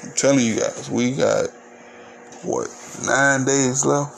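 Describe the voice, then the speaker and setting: A man's voice: medium pitch, fairly even intonation, slow, vocal fry. Male podcaster, mid-range voice, blunt and profane, venting solo over faint noise. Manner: candid, ranting, profane. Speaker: podcast host. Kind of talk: casual solo podcast monologue.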